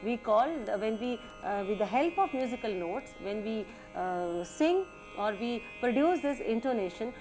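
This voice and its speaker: A woman with an Indian accent giving a music lecture, halting and full of fillers, sometimes switching into Hindi phrases. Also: medium pitch. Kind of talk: educational lecture.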